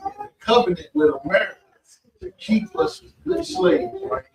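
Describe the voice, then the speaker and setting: A man with a high voice tells stories at a religious meeting in a blunt, profane, conversational way. He is recorded from across an echoey room. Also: wildly swooping pitch, moderate pace, gravelly. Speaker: speaker at a religious study meeting. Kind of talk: informal preaching and storytelling. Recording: echoey room, mic far off.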